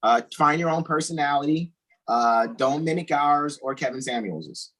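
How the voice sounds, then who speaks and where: A man's voice: on the high side, normal speed, fairly bright tone, low-quality recording. A man hosting a casual podcast, talking in an emphatic, preachy way and often repeating "all righty". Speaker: host.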